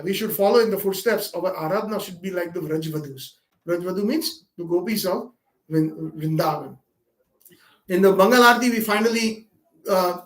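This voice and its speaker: A man's voice: high-pitched, echoey room. A man giving a sermon at a home program, telling a devotional story and acting out its dialogue, with fillers and repeated words. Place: home gathering room.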